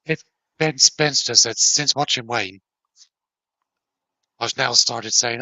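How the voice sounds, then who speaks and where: A man's voice: medium pitch, takes it slowly, bright, forceful tone, no room sound, low-quality recording. A man chatting on a live stream, making wry, teasing jokes with his co-hosts. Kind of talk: casual chat.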